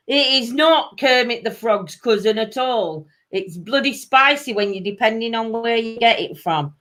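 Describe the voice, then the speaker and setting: A woman's voice: fairly high pitch, lively intonation, a little slow, hardly any pauses, a bit bright. A woman with a South Yorkshire accent hosting a casual live-stream chat, reading viewer comments aloud and calling everyone "my lovely". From Sheffield, England. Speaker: host of a weekly chat show.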